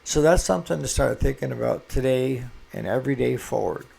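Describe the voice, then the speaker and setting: A man's voice: medium pitch, lively intonation, fairly quick, creaky, dark tone, slightly rough. A man who owns a small engine repair shop, talking casually to camera and giving earnest, folksy advice.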